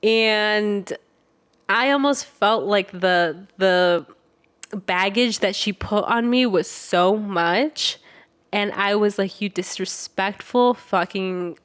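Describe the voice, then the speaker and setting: A woman's voice: mid-range voice, slow, fairly bright tone, smooth. A young woman co-hosting a podcast, casually telling a story, acting out the quoted voices and swearing freely. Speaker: podcast co-host.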